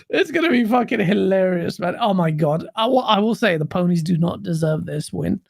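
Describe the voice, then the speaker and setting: Gravelly voice ranting over a dry mic. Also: mid-range voice, fairly quick, few pauses, dry recording. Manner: animated, swears a lot, laughs often. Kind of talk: casual ranting commentary.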